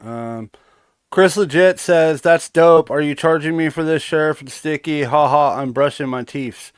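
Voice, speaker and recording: A man's voice: fairly high pitch, unhurried, smooth, dry recording, clean studio sound. Swearing joking male stream host. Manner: profane, joking, reads chat aloud. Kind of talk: casual stream chat.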